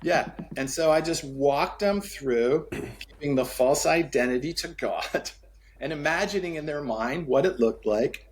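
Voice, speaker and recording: A man telling a story as a podcast guest, acting out the dialogue with sweeping pitch and repeating key phrases for emphasis. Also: unhurried, slight background noise. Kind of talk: storytelling in conversation.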